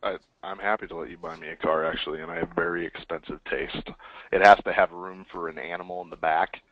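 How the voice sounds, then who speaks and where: Energetic man hosting over a tinny line. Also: sits low, quick pace, slight background noise. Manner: energetic, hyped promotional delivery. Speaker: webinar host. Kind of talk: casual webinar chat. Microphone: call or webinar line. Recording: tinny phone-line audio.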